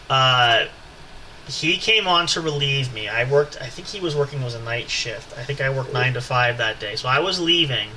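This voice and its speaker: A man's voice: medium pitch, pushed and bright, a little hiss or hum, poor audio. A man hosting a podcast, telling a long anecdote in a rambling, casual way with many fillers and asides. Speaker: podcast host. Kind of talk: casual storytelling.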